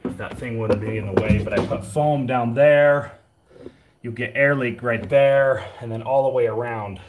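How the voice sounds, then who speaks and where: A man's voice: mid-range voice, moderate pace, phone-quality sound, faint music behind. A man out of breath, casually explaining his work as he goes, chatty and rambling. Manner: chatty, rambling, jokey asides. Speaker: DIY vlogger. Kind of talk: casual how-to narration while working. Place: unfinished shed, indoors.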